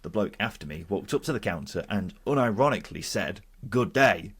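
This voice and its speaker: Jokey English podcast host, husky low voice. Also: male voice, lively intonation, quick pace. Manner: jokey, upbeat presenter who reads out listener comments. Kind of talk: casual football podcast chat.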